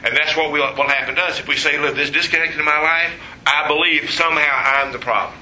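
A man preaching a sermon, telling stories with humor and quoting voices in an animated way. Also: a little high, quick pace, echoey room, slight background noise, rough recording.

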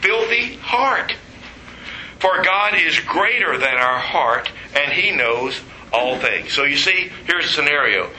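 Bright-voiced male preacher, echoey room. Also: a little high, slow, a little hiss or hum. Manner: animated storytelling, quoting voices. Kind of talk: sermon with humor.

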